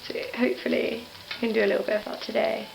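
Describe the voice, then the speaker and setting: A young woman chatting casually in a vlog, soft, giggly and confiding. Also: on the high side, level tone, quick pace, creaky, noisy background. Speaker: vlogger.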